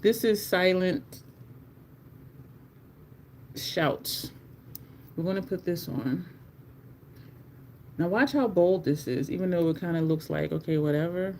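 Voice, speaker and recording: A livestream host chatting casually with viewers at home while trying out makeup, animated and talkative, calling the audience "y'all". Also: mid-range voice, slow, long pauses, a little hiss or hum.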